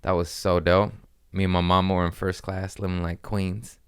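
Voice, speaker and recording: A man's voice: sits low, little pitch movement, moderate pace, clear, resonant tone, dry recording, studio quality. A young man hosting a comedy podcast, telling loose stories in casual chat, swearing and doing playful voices.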